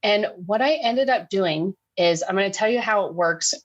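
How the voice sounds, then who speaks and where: A woman, a sugar detox coach, telling lively stories in a casual podcast interview and acting out what people said. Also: medium pitch, moderate pace, lo-fi sound. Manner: animated storytelling, acts out quotes.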